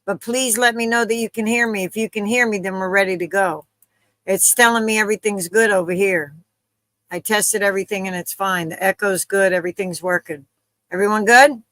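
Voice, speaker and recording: A woman's voice: medium pitch, fairly even intonation, brisk, a bit bright, dry recording, rough recording. A woman hosting a live stream, chatting casually and a little flustered as she talks straight to her viewers. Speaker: livestream host.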